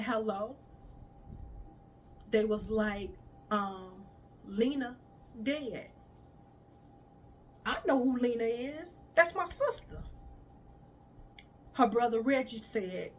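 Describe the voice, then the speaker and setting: A woman's voice: a little high, recorded from a distance. A woman shares a personal story in a casual storytime vlog and calls her viewers "y'all" as she goes. She acts out each person's lines in turn. The mic sits a little away from her, and there's a faint hiss in the background. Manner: conversational, addresses viewers as y'all, quotes others in dialogue.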